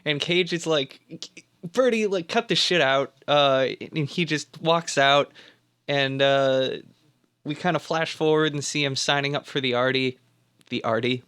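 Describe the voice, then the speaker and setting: Laid-back man with a smooth voice. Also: mid-range voice, steady tone, a little slow, a bit bright. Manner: rambling, laid-back, lots of fillers. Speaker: podcast host. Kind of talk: casual chat, recapping a film plot.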